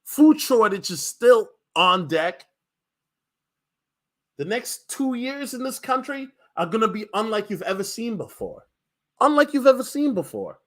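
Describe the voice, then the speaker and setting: Animated, emphatic male livestream host. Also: high voice, measured pace. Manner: emphatic, slangy, repeats lines for punch. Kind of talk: casual livestream commentary.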